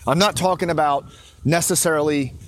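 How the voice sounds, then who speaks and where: A man in his fifties speaks in a somewhat high voice, earnest and heartfelt, rising into passionate conviction. He talks while walking outside, and a clear hiss of noise sits under his voice. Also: brisk. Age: 50s. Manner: earnest, emotional, builds to passionate. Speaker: podcast host. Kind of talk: casual walking monologue. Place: outdoors in a small river town.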